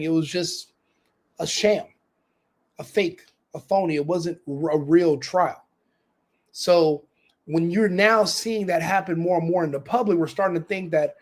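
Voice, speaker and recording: High-voiced man ranting hard. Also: darkish tone. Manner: ranting, repetitive demands, swearing. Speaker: podcast host. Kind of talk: heated political commentary.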